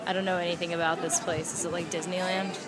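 A young woman chatting excitedly in a casual travel vlog, filmed on a handheld camera outdoors in busy city streets. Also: fairly low pitch, fast. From United States. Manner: excitable, gushing, giggly fan chatter. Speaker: travel vlogger. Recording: loud outdoor crowd and street noise.

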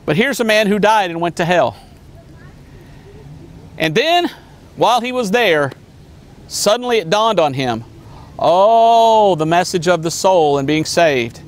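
A man, a missionary evangelist, preaching a sermon in an emphatic way, with high exclamations and low drops. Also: lively intonation, measured pace, long pauses.

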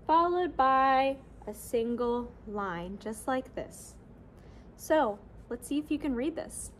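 Slow, high-voiced cheerful music teacher woman. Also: expressive, a little hiss or hum. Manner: cheerful, slow and clear, repeats rhythm syllables for kids to echo. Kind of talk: classroom lesson video for children.

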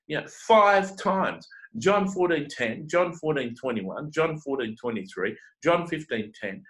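Animated scolding male preacher. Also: fairly high pitch, low-quality recording. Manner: scolding, stacks rhetorical questions; repeats words when starting sentences. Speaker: self-described prophet and teacher. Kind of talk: confrontational online sermon.

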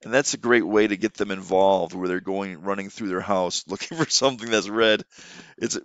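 A man's voice: sits low, normal speed, clean tone, no echo, muffled recording. A man, an online English teacher, explaining classroom tips in a casual way with frequent restarts. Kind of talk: instructional teaching tips video.

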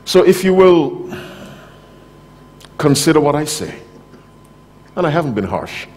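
A man preaching a sermon to a conference audience, talking directly, asking the crowd questions, and swinging between loud emphasis and soft, low asides. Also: sing-song, unhurried. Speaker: pastor. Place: conference hall, live audience.

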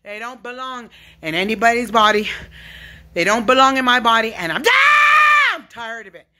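A woman's voice: brisk, shouting. Agitated woman with shrieking outbursts. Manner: talks low and steady, then breaks into high shrieked curses. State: agitated, at times crying out. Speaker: vlogger. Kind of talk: unscripted online monologue.

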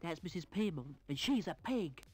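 An actress voicing a rude, restless child in an adventure game. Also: female voice, fairly low pitch, expressive, moderate pace, a little mellow, soft background music, close to an everyday voice. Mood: sulky. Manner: blunt, sulky. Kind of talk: 1990s adventure game voice acting.

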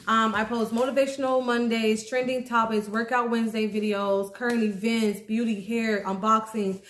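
A woman's voice: fairly high pitch, little pitch movement, moderate pace, a bit bright. Chatty woman vlogger in an echoey room. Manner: chatty, promotional, many fillers. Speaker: YouTube vlogger. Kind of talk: casual vlog talk to camera.

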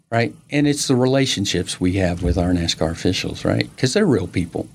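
Male interview guest, lowish husky voice, animated storyteller. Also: a little fast, few pauses. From United States. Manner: animated, acts out quoted dialogue.

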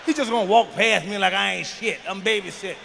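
Male stand-up comic, very high and bright, cursing and shouting; live hall echo, faint noise. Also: fast talker, vocal fry. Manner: profane, shouting, fired-up storytelling. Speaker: stand-up comedian. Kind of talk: stand-up comedy routine.

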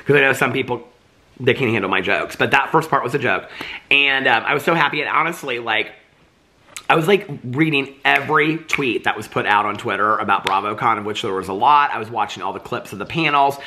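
A man's voice: mid-range voice, fairly quick, pushed and bright, a little hiss or hum. A man vlogging about reality TV in a casual, gossipy and dramatic way, full of asides like "like" and "okay". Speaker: TV commentary vlogger. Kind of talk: casual gossipy chat to camera.

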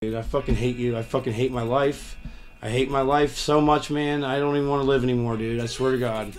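A man streaming live, ranting angrily and swearing nonstop, with yelling outbursts. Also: medium pitch, fairly even intonation, brisk. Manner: profane, swears constantly. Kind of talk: angry stream rant.

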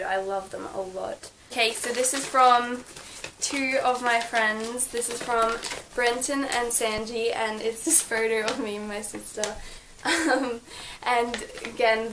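A woman's voice: a little high, fairly even intonation, measured pace, hardly any pauses, noisy background. A young woman vlogging from her bedroom, gushing and chatty with lots of fillers as she shows her birthday gifts. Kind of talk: casual birthday haul vlog.

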